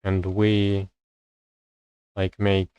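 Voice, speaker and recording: A man on a live stream working through English grammar exercises, reading rules aloud and thinking out loud with hesitant pauses as he searches for words. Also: low voice, completely flat delivery, clear, resonant tone, no echo, dull audio.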